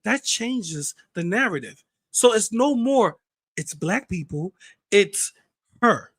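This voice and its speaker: Heated high-voiced man ranting. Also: animated, slow pace, fairly bright tone, no echo. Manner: heated, blunt, swears freely. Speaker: commentary channel host. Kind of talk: ranting commentary.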